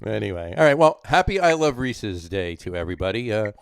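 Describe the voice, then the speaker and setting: Lively low-voiced man co-hosting a beer show. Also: fairly quick, gravelly, clear, resonant tone, dry recording, studio quality. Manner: jokey, stumbles over words. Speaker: podcast co-host. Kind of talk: casual chat.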